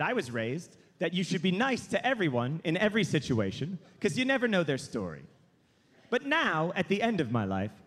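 Guy in his 30s doing standup, high voice that bounces all over, roomy hall echo w faint crowd noise. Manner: animated, self-deprecating storytelling. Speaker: stand-up comedian. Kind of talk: stand-up comedy. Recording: live stage recording with hall reverb and faint ambience.

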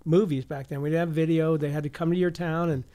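A man's voice: a little high, steady tone, fast, dark tone. Rambling easygoing male radio DJ. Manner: rambling, easygoing, full of asides. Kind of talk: casual radio chat. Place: community radio studio. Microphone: studio microphone.

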